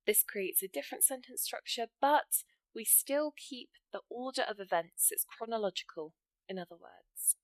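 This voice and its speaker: A woman's voice: on the high side, animated, normal speed, dry recording. A woman teaching English writing for an exam, walking through example sentences step by step in an encouraging way. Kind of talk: explaining writing exam grammar.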